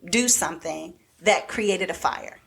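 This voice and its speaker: A woman's voice: on the low side, a little slow, vocal fry, breathy edge. Chatty woman podcast co-host retelling a plot. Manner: animated storyteller recapping a TV plot, acting out quoted lines; rambling, with many "like" and "so anyway" fillers. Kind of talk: casual chat.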